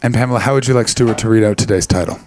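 A man's voice: lowish voice, racing, noisy background. A man in his late twenties doing stand-up crowd work, brash, profane and teasing. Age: late 20s. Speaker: stand-up comedian.

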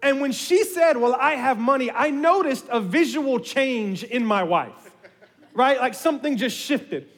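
A man's voice: very high-pitched, unhurried, long reverb tail. A male pastor preaching a sermon, telling stories and drawing in his congregation. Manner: storytelling, animated with his congregation.

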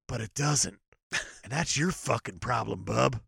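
A man's voice: medium pitch, slow, vocal fry, long pauses, breathy edge, no echo, clean studio sound. A man co-hosting a casual comedy podcast about movies, ranting with profane jokes. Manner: profane, animated, jokey rants. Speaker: podcast co-host.

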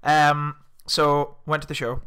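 A man's voice: on the high side, flat delivery, slow pace, pushed and bright, clean tone. A young man hosting a podcast, telling a story in casual chat and laughing often. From Scotland. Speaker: podcast host.

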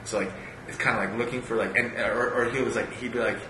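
A man's voice: medium pitch, quick pace. A man talking casually about a book, rambling with lots of fillers and reading passages aloud. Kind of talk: casual chat. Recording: echoey room with steady background noise.

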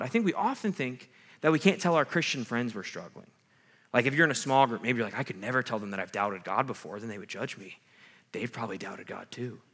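A man preaching a sermon in a fairly high, forceful voice. He talks like he is chatting with his listeners, asking them "right?" and "okay?" as he goes, switching between strong, loud points and quieter asides. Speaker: campus ministry pastor.

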